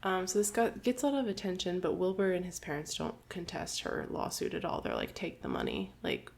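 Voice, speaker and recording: Chatty woman with a low gravelly voice. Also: expressive. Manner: chatty retelling, quick giggles, lots of "like". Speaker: podcast co-host. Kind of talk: casual book discussion.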